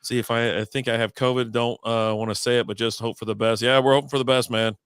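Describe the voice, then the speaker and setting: This co-host of a beer and sports stream, recovering from being sick, rambles through stories with plenty of swearing, laughing at himself as he goes. He talks fast in a mid-range, fairly bright voice that's clear and resonant but flat in pitch, with no room sound.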